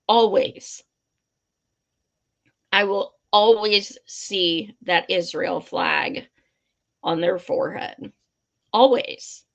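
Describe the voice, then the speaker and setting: Slow-talking impassioned woman streamer. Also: mid-range voice, highs cut off. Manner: impassioned, blunt, swears freely. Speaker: livestream host. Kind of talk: live commentary stream.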